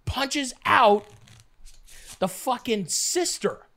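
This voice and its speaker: A man's voice: very high-pitched, expressive, extremely slow. A man from Canada telling a rambling, profane story in a casual podcast chat, acting out other people's voices. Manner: rambling, profane, acts out voices with loud yelps.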